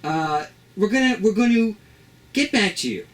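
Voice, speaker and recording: A man's voice: high voice, expressive, normal speed. A man co-hosting a radio show in a studio, bantering playfully and theatrically. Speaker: radio co-host.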